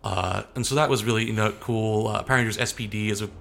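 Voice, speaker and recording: Low, gravelly-voiced man. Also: fairly even intonation, fast, fairly bright tone, a little hiss or hum. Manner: rambling, hesitant, often restarting sentences. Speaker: guest. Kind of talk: casual interview talk.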